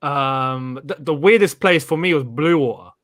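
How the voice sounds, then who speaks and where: A young male guest speaking in a relaxed, hesitant way. His voice sits slightly high and sounds dry and close, with no room around it. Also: moderate pace, no echo. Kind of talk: casual livestream chat.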